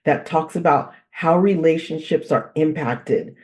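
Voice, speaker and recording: Woman, interview guest, animated storyteller, repeats herself for emphasis, laughs while talking. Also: low voice, measured pace. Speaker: parenting guest expert. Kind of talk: conversational interview.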